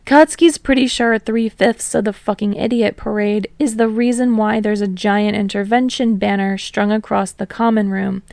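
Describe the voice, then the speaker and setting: A woman's voice: medium pitch, fairly even intonation, normal speed, gravelly, hardly any pauses, darkish tone, dry recording. A woman reading a fan story aloud as a podfic reader, then chatting casually to listeners with fillers. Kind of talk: story narration and casual outro.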